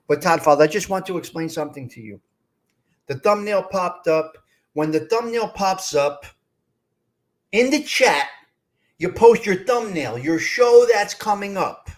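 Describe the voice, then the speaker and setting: A man's voice: a little high, measured pace, long pauses. A middle-aged man hosting a casual live stream, talking bluntly and straight to his chat. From North Jersey. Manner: animated, blunt, streetwise, talks straight to chat.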